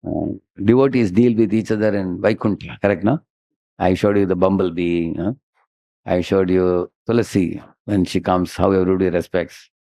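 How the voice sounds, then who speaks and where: A man with an Indian English accent gives a devotional lecture, telling stories in an animated way and prompting listeners with "huh?". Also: low voice, gravelly, dry recording. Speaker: spiritual teacher giving a lecture. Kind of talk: devotional sermon with storytelling.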